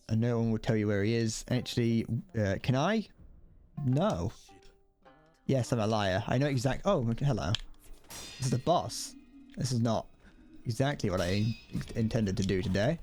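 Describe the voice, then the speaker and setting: A young man streaming a game, talking in a loose, rambling, self-deprecating way at a mid pitch. Faint game music plays underneath his casual commentary. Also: a little mellow. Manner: rambling, self-deprecating, frequent laughs and restarts.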